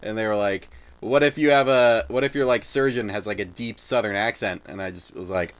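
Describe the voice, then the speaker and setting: A young man narrating as dungeon master in a loose, halting way, with many fillers and sounds he makes with his mouth. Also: fairly low pitch. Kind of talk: narrating a tabletop game.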